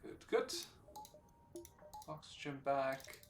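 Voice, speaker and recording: A man streaming a strategy game live, explaining its mechanics as he plays, relaxed and hesitant with many fillers. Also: medium pitch, takes it slowly, a little hiss or hum. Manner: explains game mechanics while thinking aloud. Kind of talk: live gameplay commentary. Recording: roomy sound from a distant mic, faint background music.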